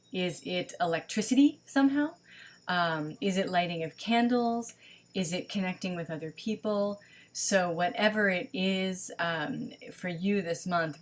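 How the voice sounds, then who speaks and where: A woman with a somewhat low voice leads an online spiritual session from home, speaking into a webcam. She talks casually and thinks aloud, often pausing on ums as she goes. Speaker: online service leader. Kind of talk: online livestream teaching.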